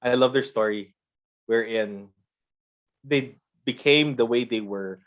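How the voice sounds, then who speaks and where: A man's voice: medium pitch, slow. A man co-hosting a podcast, talking earnestly in casual chat about a show he likes. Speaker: podcast co-host. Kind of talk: casual chat reviewing shows.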